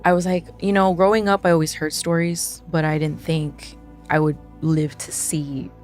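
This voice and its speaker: A young woman, a podcast guest, telling a personal scary story in a casual, animated way, often laughing and acting out what people said. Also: sits low, normal speed, soft background music.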